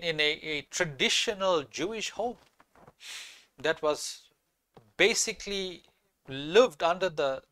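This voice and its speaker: A man delivers a sermon in a high voice, hammering home his points by saying them twice. He reads scripture aloud between his comments. The sound is dry, with no room echo. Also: fairly bright tone. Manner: emphatic, repeats key phrases, reads scripture aloud. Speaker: preacher.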